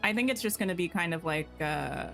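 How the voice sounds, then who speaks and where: A woman's voice: fairly low pitch, expressive, a little fast, gravelly, a bit bright, faint music behind. Chatty woman streamer thinking aloud. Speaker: game streamer. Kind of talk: casual livestream chat while playing.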